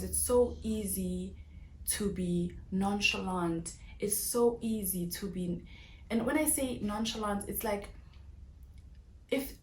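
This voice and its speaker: Frustrated woman venting in an echoey room. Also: mid-range voice. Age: 30s. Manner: earnest, restless, searching for words with many restarts. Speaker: vlogger. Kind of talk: casual direct-to-camera vlog. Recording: echoey room with faint background noise.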